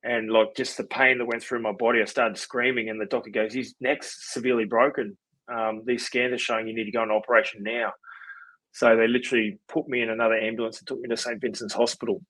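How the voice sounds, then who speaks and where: A man in his forties with an Australian accent, a podcast guest telling his story in a relaxed, rambling way with lots of fillers. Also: medium pitch, fast talker, no echo, poor audio. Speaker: podcast guest, former rugby league player. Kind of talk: casual storytelling interview.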